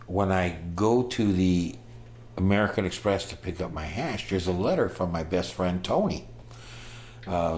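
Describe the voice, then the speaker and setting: An older man in his sixties tells a travel tale in a casual, animated way, acting out the people he met and getting loud when the story peaks. His voice sits low. A faint hiss of noise runs under the talk. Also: creaky. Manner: animated, acts out voices, bursts of loud excitement.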